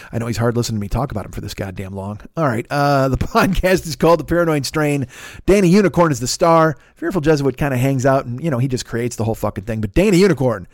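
A man hosting a podcast, doing a comedic ad read in a profane, rambling, animated riffing way. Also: medium pitch, no room sound, studio quality. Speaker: podcast host reading an ad.

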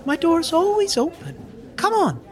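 A man's voice: very high voice, lively intonation, measured pace, voice pushed up. A man doing a kindly little old nun.

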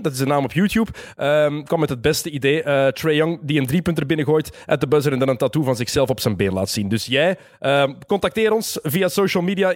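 A man hosting a casual chat over a remote call, giving blunt, animated opinions. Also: a little high, no echo, studio quality. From Belgium. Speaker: podcast host.

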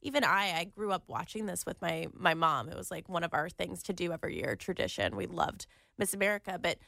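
A woman's voice: lowish voice, expressive, fairly quick, vocal fry, bright, forceful tone, dry recording, clean studio sound. A woman co-hosting a casual chat while sick with a sore throat and a cold, talking in a rambling way full of fillers. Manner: chatty, rambling, lots of "like" fillers. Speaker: podcast co-host.

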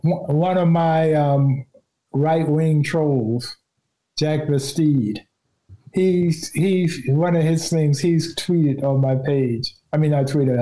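A male journalist talking in a casual podcast conversation, his voice sitting a bit high for a man but dark and mellow in tone. He speaks slowly and rambles through his stories, often restarting his sentences. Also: rough recording. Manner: rambling storyteller with many restarts. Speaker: journalist guest.

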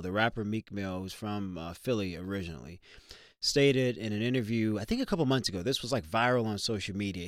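A man hosting a talk radio show, energetic and conversational, introducing callers and guests. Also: fairly low pitch, no echo, clean studio sound. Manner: energetic, conversational, quick asides.

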